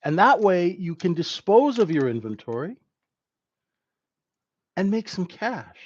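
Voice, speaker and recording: A man's voice: high voice, very animated, a little slow, highs cut off. A man teaching a live trading class in a conversational way, who keeps checking in with "right?". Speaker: trading instructor.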